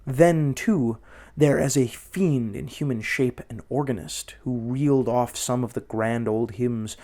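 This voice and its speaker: A man narrating a classic horror story in the first person, with measured, dramatic pacing. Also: mid-range voice, warm tone. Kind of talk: audiobook narration.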